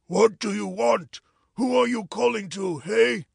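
A man voicing the devil disguised as a hoarse, squeaky old man, mock-friendly and menacing. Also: a little slow, no echo, clean studio sound, full character voice. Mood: gruff. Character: devil as old man's double, sly and menacing.

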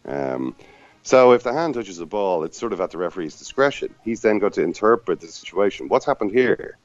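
A man on a football podcast, chatting casually and acting out players and the referee in quick asides. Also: fairly low pitch, lively intonation, no echo, lo-fi sound. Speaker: football pundit at the final.

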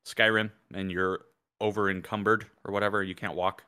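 A man with a fairly low but bright, forceful voice chats casually on a podcast. He rambles through jokes, restarting his thoughts and laughing along the way. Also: flat delivery, moderate pace, clean tone. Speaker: podcast co-host.

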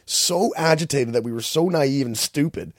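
A man's voice: medium pitch, moderate pace, no room sound, studio quality. A man from Canada telling travel stories in casual chat, acting out the people he met. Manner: animated storytelling, acts out quoted people loudly. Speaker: storyteller in a casual conversation.

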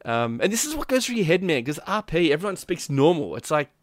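A man's voice: on the high side, fast talker, dry recording, clean studio sound. A man, casually retelling a gaming story on a podcast and acting out the people in it. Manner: animated, acts out quotes with laughs. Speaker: podcast co-host.

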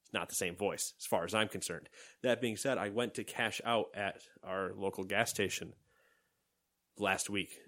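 Laughing often and acting out quotes, a deep-voiced man co-hosts a casual podcast as an animated storyteller, speaking at a moderate pace.

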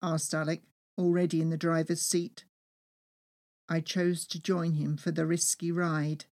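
Lowish woman reading a travel memoir. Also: measured pace. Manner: lively, expressive storytelling. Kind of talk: first-person memoir reading.

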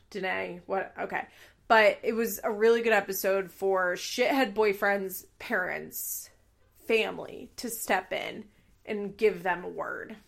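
A woman's voice: mid-range voice, vocal fry, a bit bright. A woman giving a casual, candid recap of a reality TV episode, swearing freely as she talks.

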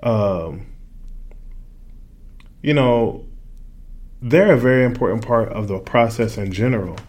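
A man's voice: lowish voice, expressive, takes it slowly, darkish tone. A man hosting an interview, speaking hesitantly with stumbling restarts. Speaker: interviewer, host. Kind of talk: casual interview.

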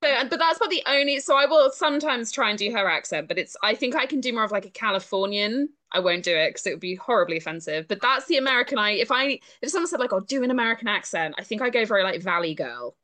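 Bright, chatty British woman host. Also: fairly high pitch, expressive, fast talker, hardly any pauses. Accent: British English. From Britain. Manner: chatty, laughs often. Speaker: podcast host. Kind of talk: casual interview chat.

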